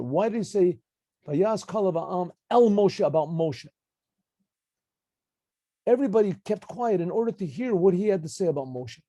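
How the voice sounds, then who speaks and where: Man, rabbi, Torah lesson, Hebrew phrases, fairly high voice, mellow tone. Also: no room sound. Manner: mixes Hebrew phrases, acts out quotes, frequent restarts. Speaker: rabbi teaching a Torah class. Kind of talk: lecture with commentary.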